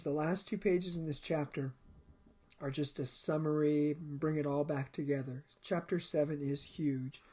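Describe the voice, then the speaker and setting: A man teaching a college chemistry lecture video, explaining step by step in short, measured phrases. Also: fairly high pitch, warm tone, breathy edge.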